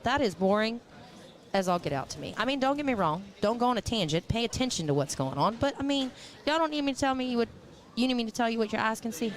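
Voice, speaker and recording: A woman's voice: on the high side, lively intonation. A woman commentating a cornhole livestream in a chatty, rambling, casual way. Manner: chatty, giggly, quick to ramble.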